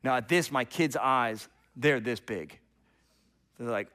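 A middle-aged pastor delivers a sermon, telling the story with animation as his voice swells loud and then falls to a hush. He often repeats words when starting a thought. His pitch is medium and his pace slow.

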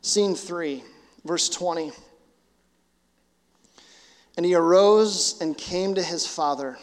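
A man's voice: high-pitched, slow pace. A male pastor giving a conversational sermon, acting out quotes as he teaches. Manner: conversational preaching with acted-out quotes. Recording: long church reverb.

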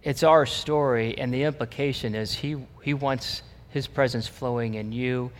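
A man's voice: mid-range voice, steady tone, normal speed. Man preaching in an echoing hall. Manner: storytelling, rising to emphatic preaching. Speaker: pastor. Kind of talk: sermon. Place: church sanctuary. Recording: long reverb of a church hall.

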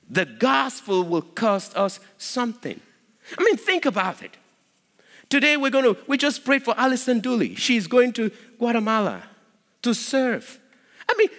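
Male pastor, high and lively delivery, emphatic sermon style, booming church reverb. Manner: emphatic preaching, swinging between loud stresses and low asides. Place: church sanctuary. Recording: long reverb of a large hall.

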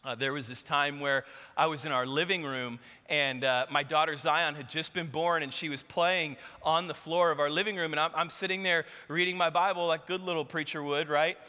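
A man preaching a sermon, telling a story with animated, emphatic delivery. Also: on the high side, normal speed, few pauses, clear, resonant tone. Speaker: pastor. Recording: long hall reverb.

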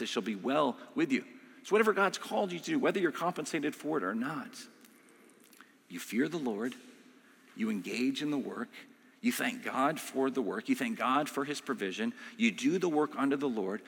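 A man preaches a sermon in a bright, clear voice. He talks to the congregation in a loose, conversational way and keeps checking in with "right?" The sound rings on in a large hall. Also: fairly high pitch. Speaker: pastor.

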